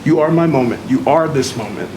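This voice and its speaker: A man's voice: mid-range voice, expressive, fairly quick. A man, the groom, reciting his wedding vows at a ceremony, earnest and heartfelt. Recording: noisy background.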